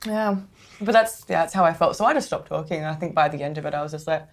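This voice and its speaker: A woman's voice: low-pitched, fast talker. A woman with an Australian accent, co-hosting a podcast in casual chat, chatty and self-mocking with frequent laughs. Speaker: podcast co-host.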